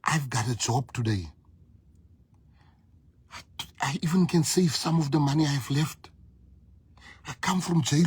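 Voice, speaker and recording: South African man, party leader, very husky voice, dry close sound; emphatic storyteller who repeats for punch. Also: medium pitch, animated, moderate pace, pauses often, a little mellow, no echo. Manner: emphatic, repeats lines for effect. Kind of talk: storytelling speech.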